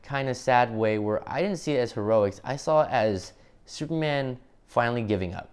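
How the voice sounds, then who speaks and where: A man giving a casual, profane film review, ranting with exasperation and breaking into quick impressions of the characters. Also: mid-range voice, smooth.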